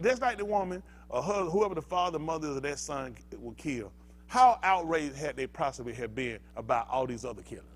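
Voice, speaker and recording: Older man preaching, lively and emphatic. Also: on the high side, a little fast. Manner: emphatic, heated, fires rhetorical questions at the congregation. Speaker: pastor. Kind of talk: fiery preaching sermon.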